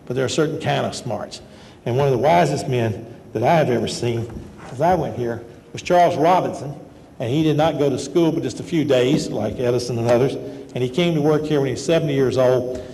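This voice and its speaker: A man's voice: medium pitch, mellow. An older man, a medical school professor, giving a lecture in a folksy, conversational storytelling manner. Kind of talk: lecture with personal stories. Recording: lecture hall with long reverb and faint noise.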